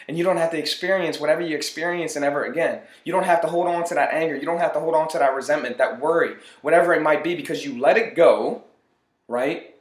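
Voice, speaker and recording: A man giving an earnest motivational talk, often repeating phrases for emphasis. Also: on the high side. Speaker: motivational speaker. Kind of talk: motivational monologue. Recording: roomy echo.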